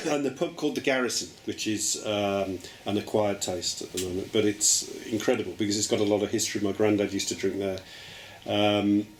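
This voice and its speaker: Low-voiced man in echoey room. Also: fairly quick. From Birmingham, England. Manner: thoughtful, hedges with "I mean" and "I think". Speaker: interviewee, television writer. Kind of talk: reflective interview answers. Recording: echoey room with faint ambient noise.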